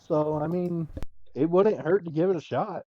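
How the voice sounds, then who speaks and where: A man as a podcast guest, easygoing and lively, heard through a dull lo-fi remote mic. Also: on the high side, moderate pace. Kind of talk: casual podcast chat.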